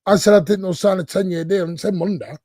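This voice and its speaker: Male panelist, loud and mocking, higher voice, dry close sound. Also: fast, no room sound. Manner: loud, teasing, sweary. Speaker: podcast panelist. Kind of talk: casual banter.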